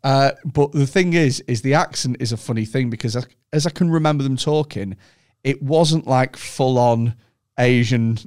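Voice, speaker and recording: A man's voice: medium pitch, moderate pace, darkish tone, clean tone. A man hosting a comedy podcast, telling a rambling story with hesitations and restarts. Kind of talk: casual chat.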